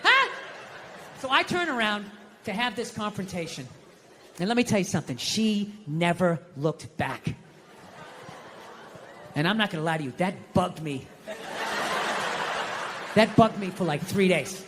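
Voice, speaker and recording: An American man doing a stand-up routine, ranting sarcastically with profanity and sudden shouts, on a theater stage. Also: high voice, expressive, measured pace, long pauses. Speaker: stand-up comedian. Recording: long hall reverb, faint noise.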